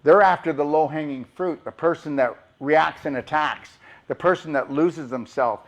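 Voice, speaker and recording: A man's voice: on the high side, moderate pace. A man, a doctor, giving an impassioned motivational talk and pressing his audience with rhetorical questions.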